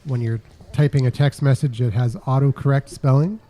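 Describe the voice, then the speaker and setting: A man's voice: medium pitch, fairly even intonation, moderate pace, dark tone. A man co-hosting a podcast in casual chat, laughing as he reads funny texts aloud. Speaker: podcast co-host.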